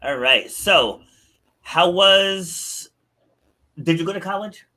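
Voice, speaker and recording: A man in his forties hosting a podcast interview, chatty and relaxed, who laughs easily. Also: high voice, slow. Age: 40s. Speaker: podcast host. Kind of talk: casual interview chat.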